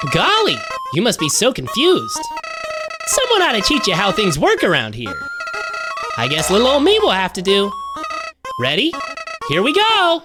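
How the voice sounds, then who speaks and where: A man's voice: high-pitched, pitched above the performer's own voice, heavily acted. Sinister flower, falsely sweet, singsong drawl, wide swoops, voiced by a man streamer. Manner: singsong folksy drawl turning to growling menace. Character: cheery-then-sinister male flower, sickly sweet. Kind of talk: let's play character voice. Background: game music.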